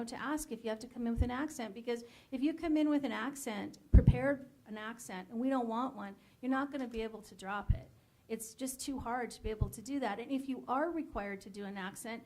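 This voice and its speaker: A high-pitched woman talks bluntly about auditions as a casting director. She is emphatic and frank, and she laughs often. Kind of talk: candid advice talk.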